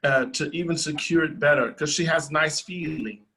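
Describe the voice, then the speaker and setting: A man's voice: fairly high pitch, fairly even intonation, moderate pace, pushed and bright. A man, a guest opera singer, giving encouraging feedback to a young student over a video call and repeating his praise.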